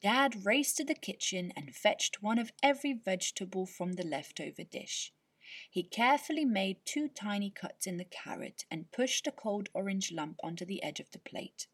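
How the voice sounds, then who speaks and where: Storyteller, breathy, gentle and expressive, middle pitch. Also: female voice, moderate pace. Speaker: children's storyteller. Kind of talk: bedtime story narration.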